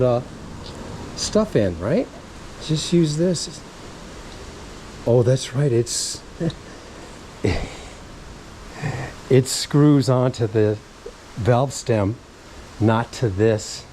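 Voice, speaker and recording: A man's voice: mid-range voice, takes it slowly, long pauses, mellow, a little hiss or hum, rough recording. A man casually talking through a bike tube repair in a vlog, rambling, muttering to himself and swearing now and then. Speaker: vlogger.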